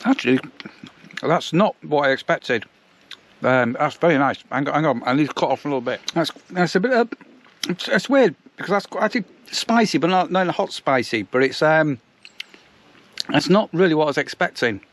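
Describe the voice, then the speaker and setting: A man's voice: fairly high pitch, animated, brisk, a bit bright. A man from England chatting casually to camera in a vlog, narrating what he eats at a campsite caravan. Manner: chatty, self-narrating while eating. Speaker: vlogger.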